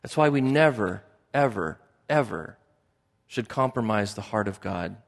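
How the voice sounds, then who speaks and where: A man's voice: on the low side, animated, unhurried, gravelly, in a large hall. A man preaching a sermon as pastor, emphatic and repeating key phrases for stress.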